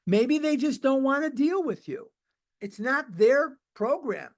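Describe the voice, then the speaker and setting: A man's voice: very high voice, animated, measured pace. A man teaching a recovery book study in an informal, emphatic and repetitive conversational way.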